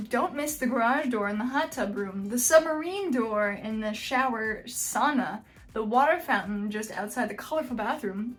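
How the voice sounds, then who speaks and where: A woman hosting a casual reaction vlog, jokey, animated and self-deprecating. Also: fairly high pitch. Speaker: video host.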